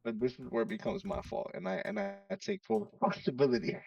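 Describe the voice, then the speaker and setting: A man spins a story among friends, acting out every quoted line. His voice is gravelly and swings up and down, a touch high. He sounds distant and dull, like a lo-fi mic across the room. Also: lively intonation, fast talker, a little mellow. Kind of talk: casual chat.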